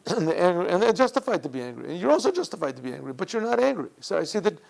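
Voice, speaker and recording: A man, a rabbi, giving a Torah class lecture, repeating phrases and often clearing his throat. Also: high-pitched, big pitch swings, quick pace, rough recording. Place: yeshiva classroom.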